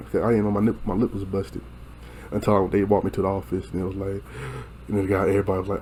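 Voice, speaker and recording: A young man tells a story in a loose, casual chat, acting out every quote with plenty of swearing and laughter. His voice sits a little low. A faint hum of noise runs under the recording. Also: racing. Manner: animated, profane, laughing, acts out quotes. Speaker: host telling a story.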